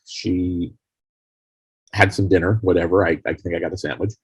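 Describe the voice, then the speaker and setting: A man being interviewed as a guest, telling long rambling stories about making his film in a casual, animated way. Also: low-pitched, fairly quick, husky, no room sound. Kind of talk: casual anecdotal storytelling.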